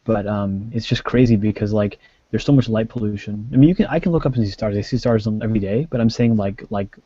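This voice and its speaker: Low, dark-voiced chatty man. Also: fast, no echo, muffled recording. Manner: chatty, filler-heavy, many likes. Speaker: co-host. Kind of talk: casual video-call discussion. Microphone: video call.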